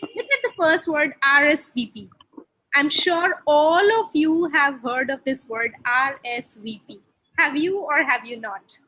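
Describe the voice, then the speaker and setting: A woman's voice: high-pitched, a little slow, bright, forceful tone, low-quality recording. A woman from India teaching a lecture on learning French, explaining step by step and putting questions to her listeners.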